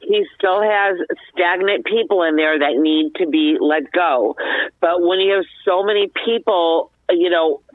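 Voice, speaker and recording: A woman's voice: on the low side, a little slow, no room sound. A woman calling in to a podcast, chatting in an affectionate, rambling way. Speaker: caller. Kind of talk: casual call-in chat. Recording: tinny phone line.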